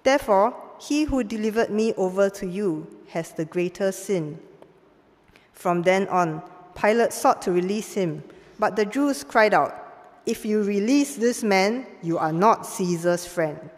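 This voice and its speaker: A woman giving a formal Bible reading in a church service, measured and clear, lifting her voice for the quoted lines. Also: mid-range voice, expressive. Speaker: scripture reader. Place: church sanctuary. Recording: long church hall reverb.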